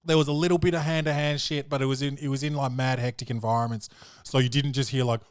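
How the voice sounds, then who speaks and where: A male podcast host in casual chat, with a voice pitched in the middle range. He talks in a rambling, profane, animated way. The recording is close and dry, with no room sound. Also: fast talker, smooth, no echo.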